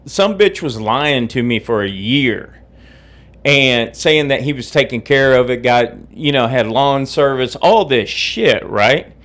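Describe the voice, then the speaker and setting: A man's voice: medium pitch, lively intonation, unhurried, fairly bright tone. A middle-aged man, hosting his own podcast in a profane, agitated rant just after waking up. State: just woke up, drinking coffee. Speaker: podcast host. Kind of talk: angry personal podcast rant.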